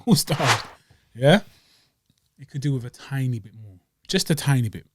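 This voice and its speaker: Male co-host, mid pitch, loose slangy banter. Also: normal speed, no room sound, clean studio sound. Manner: slangy, jokey, animated. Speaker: podcast co-host. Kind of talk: casual chat.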